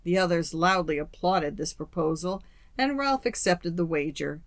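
A narrator reads a classic story at a steady, measured pace. The sound is dry and close, with no room around it. The pitch sits in an ordinary middle range. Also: no room sound. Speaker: audiobook narrator.

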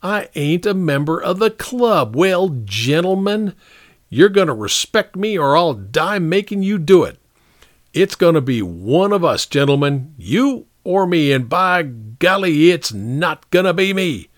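A man voicing a bullying, loud army captain who sneers and bellows at his troops. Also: fairly high pitch, sing-song, a little slow, no echo, studio quality, pitched above the performer's own voice. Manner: bellowing, sneering, uneducated grammar.

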